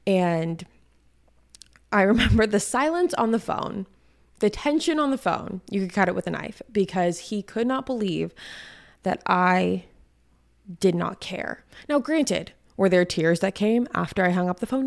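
A woman's voice: mid-range voice, moderate pace, vocal fry. A young woman hosting a podcast, telling stories in a chatty, slangy way. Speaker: podcast host. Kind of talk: casual chat monologue.

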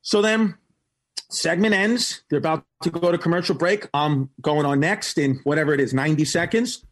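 A man, a comedian telling a story in an animated way, laughing often. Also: normal speed. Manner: animated storyteller, laughs often and jumps up in pitch for quoted voices. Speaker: guest comedian. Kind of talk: storytelling in casual podcast chat.

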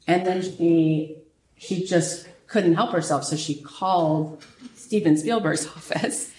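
A woman host tells a story with animated, casual energy, circling back over the same phrases and leaning on "like". Her voice sits on the lower side for a woman. The recording has a roomy echo with a faint hiss behind it. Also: slow pace. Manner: animated, repeats phrases, frequent "like". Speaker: podcast host.

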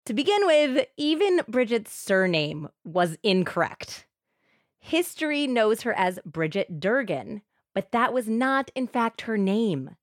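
A woman co-hosting a podcast, telling a true crime story in an animated, expressive way. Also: on the high side, unhurried, no echo, clean studio sound. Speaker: podcast co-host.

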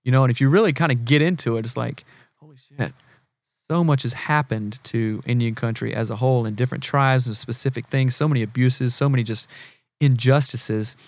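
A man's voice: medium pitch, brisk, no echo. Earnest Southern man, dry close sound. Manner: earnest, animated, acts out quoted people. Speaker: guest, family counselor. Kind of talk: casual podcast conversation.

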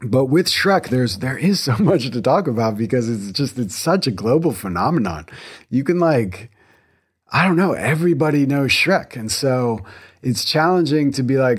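A man's voice: medium pitch, lively intonation, normal speed, husky. A man in his thirties hosting a casual solo podcast from a home garage, enthusiastic and rambling, often restarting his sentences. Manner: enthusiastic, rambling, self-correcting. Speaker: podcast host.

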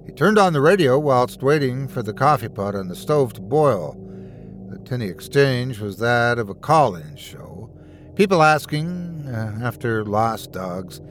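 Guy reading a scary story, steady and suspenseful, mid-pitched voice. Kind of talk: scripted horror narration.

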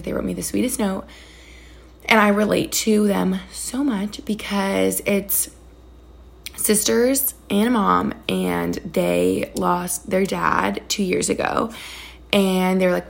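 A chatty woman in her thirties hosts her own podcast, talking in a bubbly, gushing rush with lots of fillers and exclamations. Her voice sits mid-range with a gravelly, fry-laden edge at the ends of phrases. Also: medium pitch, fairly even intonation, normal speed, a bit bright. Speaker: podcast host. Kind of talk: casual chat.

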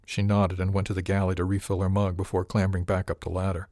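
A man narrating a first-person story in a measured way, giving characters light voices. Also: low-pitched, monotone, darkish tone, dry recording, studio quality. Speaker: audiobook narrator.

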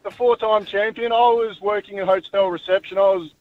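A man's voice: high voice, steady tone, brisk. An Australian man calling in to a radio show, friendly and matter-of-fact. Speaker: caller. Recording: tinny phone line.

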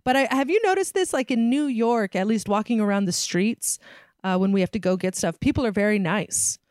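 A woman's voice: mid-range voice, brisk, a little mellow, dry recording. A woman chatting casually from home, frank and emphatic, laughing easily. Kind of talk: casual chat. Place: home in Brooklyn.

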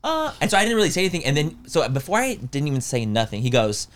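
A young man in casual chat, telling an animated story full of "like" and acting out the lines of others. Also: medium pitch, rapid-fire, a little hiss or hum. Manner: animated storytelling, heavy use of "like", acts out dialogue. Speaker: storyteller on a podcast.

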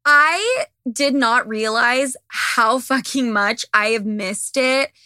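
Young woman podcast host, gossipy and cussing a lot, bright higher voice, dry close sound, bit hoarse. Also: slow, no echo. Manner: blunt, profane, gossipy. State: losing her voice. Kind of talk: casual monologue to listeners.

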